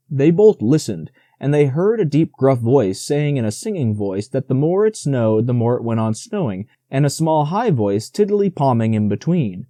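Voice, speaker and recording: Expressive male storybook narrator. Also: medium pitch, normal speed, few pauses, dry recording, studio quality. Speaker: audiobook narrator. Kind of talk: children's audiobook narration.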